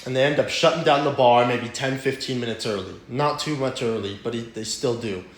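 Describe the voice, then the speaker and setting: A man's voice: mid-range voice, a little fast, a little hiss or hum. A young man casually telling a rambling, profane personal story in slangy talk. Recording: roomy echo.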